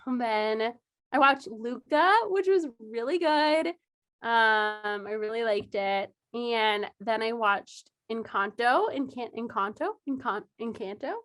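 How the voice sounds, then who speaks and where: Young woman, high voice, podcast co-host, animated, acts out quotes, laughs a lot. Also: slow, clear, resonant tone. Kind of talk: casual chat.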